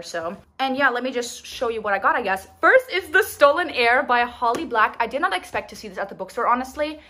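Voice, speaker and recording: Young woman, book vlogger, bubbly, casual chat, slightly high voice. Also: bright, forceful tone. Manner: chatty, bubbly, playful asides. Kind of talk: casual vlog narration.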